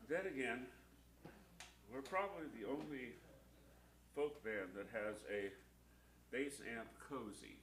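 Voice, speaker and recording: A man's voice: medium pitch, takes it slowly, pauses often, a little hiss or hum. A man who sings in a folk band, making dry, wry quips between songs on stage. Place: live music venue with an audience. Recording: echoey live room with loud crowd.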